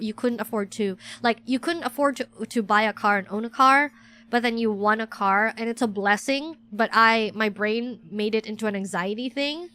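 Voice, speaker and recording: A woman's voice: medium pitch, a bit bright. A woman streaming as a VTuber, chatting casually and rambling with lots of restarts about herself. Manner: rambling, self-deprecating, many restarts. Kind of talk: casual livestream chat.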